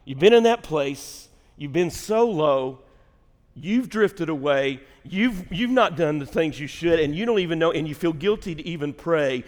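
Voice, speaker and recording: A man's voice: fairly high pitch, expressive, a little slow. Male preacher, folksy and dramatic, recorded in a sanctuary with long reverb. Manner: swings from shouting to hushed whispers; folksy storytelling with fillers and laughter. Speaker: pastor. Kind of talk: sermon. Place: large church sanctuary.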